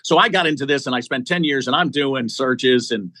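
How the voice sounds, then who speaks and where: A man in his sixties spins stories as an interview guest, piling up restarts as his enthusiasm runs ahead of him. His voice is bright and forceful, and the close mic keeps the sound dry. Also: mid-range voice, brisk, no echo. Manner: enthusiastic, tumbling sentences with many restarts. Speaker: interview guest, executive recruiter. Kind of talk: conversational storytelling.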